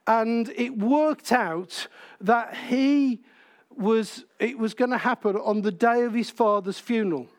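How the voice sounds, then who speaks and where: A man preaching a sermon in church, in a conversational way, asking the congregation questions. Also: sits high.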